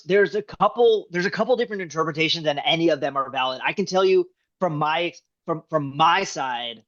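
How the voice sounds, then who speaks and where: A man, a screenwriter, talking casually in an interview, rambling with many restarts. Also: a little high. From United States. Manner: rambling, restarts often, animated. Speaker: screenwriter guest. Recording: dull lo-fi sound.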